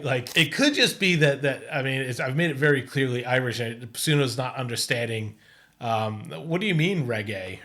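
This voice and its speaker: A man's voice: medium pitch, fairly bright tone. Hesitant man talking through a test. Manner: halting, many restarts and fillers. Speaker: host testing an AI music tool. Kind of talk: casual screen-recorded commentary.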